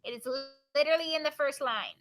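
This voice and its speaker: A woman's voice: sits high, fast, fairly bright tone. A woman teacher reading a book of poems aloud to her class, stopping to ask students questions and explain.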